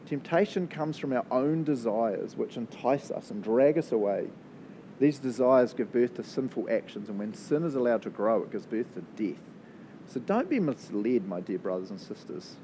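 Man, New Zealand accent, pastor, dark warm tone, casual animated preaching, faint low hum. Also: poor audio. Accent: New Zealand English. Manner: animated, chatty, quick to laugh. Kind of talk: sermon with prayer.

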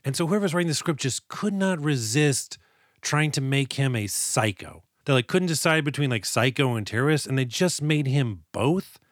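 A man's voice: mid-range voice, expressive, moderate pace, no echo, clean studio sound. A man co-hosting a movie podcast, chatting casually and sarcastically about a film's script, swearing freely. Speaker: podcast co-host. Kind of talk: casual movie-review chat.

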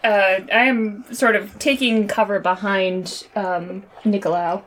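A woman playing in a tabletop game, describing her character in a relaxed, halting way. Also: mid-range voice, slight background noise. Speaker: player.

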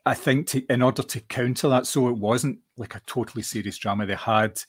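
A man chatting casually about a film, relaxed and halting with many restarts. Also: mid-range voice, breathy edge. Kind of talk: casual film review chat.

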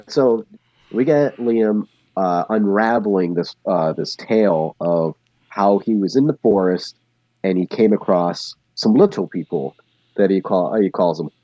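A man's voice: fairly low pitch, measured pace, no room sound, lo-fi sound. A man co-hosting a podcast, casually retelling a TV episode's plot and loosely acting out its lines. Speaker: podcast co-host. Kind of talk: casual chat recapping a TV episode.

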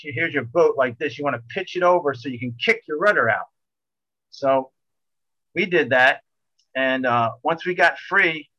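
A middle-aged man telling a long boating story in a rambling, animated way, full of restarts. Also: a little high, no echo, muffled recording. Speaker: guest telling a sailing story. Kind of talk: casual storytelling.

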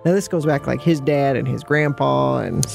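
Gravelly-voiced woman hosting a podcast. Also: very deep voice, normal speed, soft background music. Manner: animated, repeats and restarts while telling a story. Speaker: podcast host. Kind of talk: casual storytelling chat.

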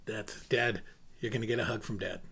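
A man with a lowish, slightly rough, fairly bright voice talks fairly quickly and with fairly even intonation. As an interviewee, he rambles casually through stories about his father, full of fillers and restarts.

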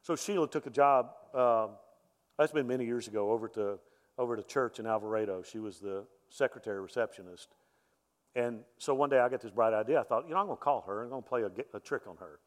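In an echoey church hall, a middle-aged pastor preaches in a chatty style, repeating his words often. His voice is medium in pitch and his pace is quick.

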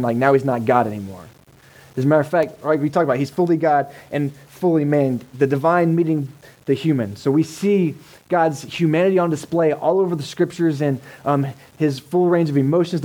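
A male pastor, preaching a Sunday sermon to a congregation gathered in a cinema. His voice sits a bit high but sounds warm and mellow. He keeps it casual, checking in with the listeners through frequent rhetorical questions. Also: low-quality recording. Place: church service held in a cinema.

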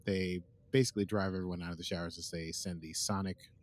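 A man's voice: low voice, steady tone, fast. A man co-hosting a podcast, joking dryly in casual chat and recapping an episode's plot. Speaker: podcast co-host.

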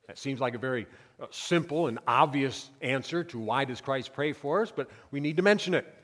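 A man's voice: medium pitch, animated, fairly quick, a bit bright. Earnest male pastor, reverberant church. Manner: earnest preaching with strong emphasis. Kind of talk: sermon. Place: church sanctuary.

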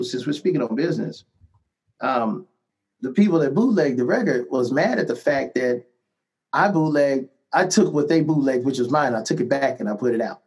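A middle-aged man telling stories from his music career in a casual interview, animated and laughing often. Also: a little high, low-quality recording. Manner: animated anecdotes with frequent laughs and repeated "man" and "right?". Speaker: musician guest.

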